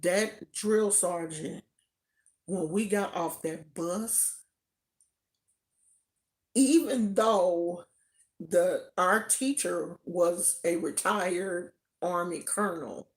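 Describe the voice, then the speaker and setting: A woman from California telling a personal story in a casual, animated way, often laughing. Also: on the low side, drawn-out words, long pauses. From Oakland, California. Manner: animated, laughs often, acts out quoted voices.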